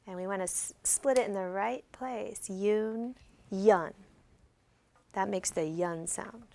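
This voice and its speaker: A woman leads a classroom lesson, patiently walking her students through each step with questions. Her voice carries a gravelly, fried edge at an everyday mid pitch. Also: moderate pace, a little mellow. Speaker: special education teacher. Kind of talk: classroom instruction.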